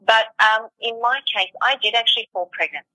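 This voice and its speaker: A woman's voice: on the high side, a little fast, pushed and bright, no room sound, rough recording. A woman in a casual chat, speaking frankly about her own experience. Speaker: podcast co-host.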